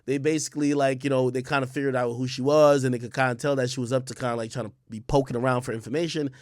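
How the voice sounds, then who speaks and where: This streamer and commentator delivers casual livestream talk at a very fast clip, emphatic and full of profanity, often repeating words and starting sentences over. His voice is medium in pitch and steady in tone, recorded at studio quality with no echo.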